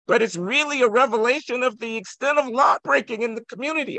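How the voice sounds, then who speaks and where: A man's voice: very high-pitched, fast talker, creaky, no room sound. A man from Chicago, a guest economist on a podcast, arguing provocatively and insisting on finishing his point. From Chicago, USA. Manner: forceful, provocative, holds the floor. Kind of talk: impassioned podcast debate.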